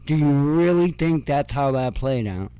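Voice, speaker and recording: A male commentator talks slowly and deliberately, his sarcasm sharpened by swearing and chuckling asides. His voice sits a bit high for a man, and the recording is dry and close. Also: lively intonation, dark tone, smooth, no room sound. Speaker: news commentary host. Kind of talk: casual news commentary.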